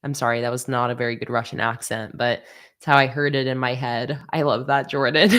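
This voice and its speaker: A woman's voice: rumbling low, fairly even intonation, a little fast, fairly bright tone. A woman livestreaming as she designs stickers, chatting casually and reading viewer comments aloud with easy laughs. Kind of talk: casual livestream chat while drawing.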